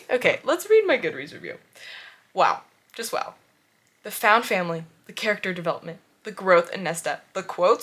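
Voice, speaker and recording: A woman's voice: mid-range voice, very animated, moderate pace, fairly bright tone. A young woman vlogger gushing about her favorite books in casual chat, often repeating phrases for emphasis. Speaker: book vlogger. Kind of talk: casual book review chat.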